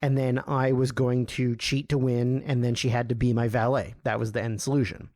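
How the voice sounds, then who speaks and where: A man hosting a podcast, telling a long, rambling story in a casual, profane way and getting animated when he quotes other people. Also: mid-range voice, moderate pace, dry recording, clean studio sound. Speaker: podcast host.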